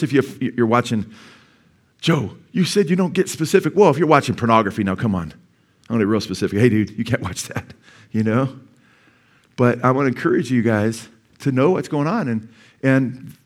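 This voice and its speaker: A middle-aged male pastor preaching a sermon in a church, talking conversationally and asking the congregation questions. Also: mid-range voice.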